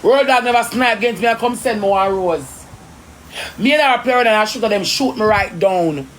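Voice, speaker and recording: A woman with a Jamaican accent, ranting indignantly in rapid patois on a live stream. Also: medium pitch, animated, a little hiss or hum. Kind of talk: heated live-stream rant.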